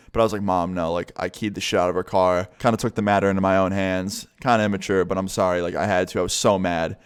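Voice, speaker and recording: A young man with a smooth, lowish voice tells a story to his vlog audience in a casual, animated way. He swears freely and acts out what other people said.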